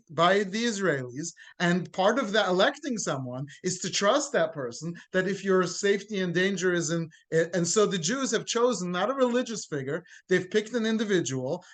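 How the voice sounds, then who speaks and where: A man, a rabbi, giving an earnest, emphatic talk in answer to a question, often repeating and restarting words. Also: high voice. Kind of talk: impassioned lecture answering a question.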